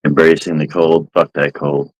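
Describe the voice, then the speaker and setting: Deep-voiced man, teasing and quick to laugh. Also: level tone, slightly rough, no echo, low-quality recording. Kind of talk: casual banter.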